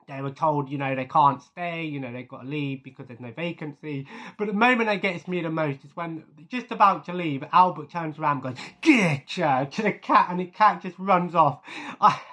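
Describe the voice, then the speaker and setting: A man's voice: fairly high pitch, pushed and bright. Chatty man rambling with fillers. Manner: rambling, chuckling, full of fillers. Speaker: vlogger. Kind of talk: casual chat.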